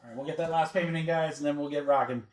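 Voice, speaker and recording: Chatty high-voiced man hosting a card break. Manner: chatty, calls out names and teams quickly. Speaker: sports card break host. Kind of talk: casual livestream chat. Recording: echoey room with faint music. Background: faint background music.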